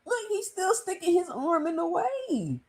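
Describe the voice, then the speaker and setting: A woman's voice: extremely high pitch, sing-song, measured pace, darkish tone. A woman hosting a live reaction stream, talking to her chat in disbelief and often laughing as she comments. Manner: incredulous, laughing, talks to chat. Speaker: boxing streamer host.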